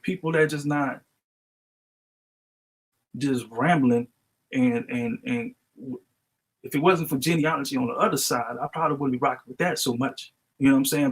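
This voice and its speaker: Man, casual livestream chat, slangy, halting restarts, middle pitch. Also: breathy edge, low-quality recording. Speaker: guest.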